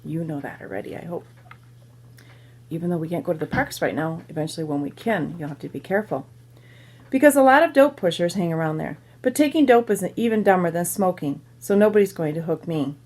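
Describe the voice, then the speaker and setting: A woman teacher reading a children's novel aloud to her students, pausing to explain words and ask questions. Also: on the low side, lively intonation, darkish tone. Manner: pauses to explain to listeners.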